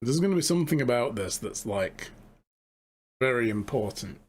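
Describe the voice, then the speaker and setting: A man's voice: medium pitch, lively intonation, moderate pace, breathy edge. Casual, joking male game streamer. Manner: casual, joking, swears freely. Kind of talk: let's play commentary. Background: video game music.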